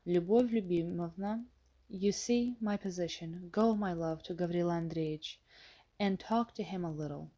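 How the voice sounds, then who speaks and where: Woman voicing a weak old mistress, martyred, subdued, soft pleading, storybook reading. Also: fairly low pitch, normal speed, close to an everyday voice. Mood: plaintive. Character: frail, self-pitying old mistress.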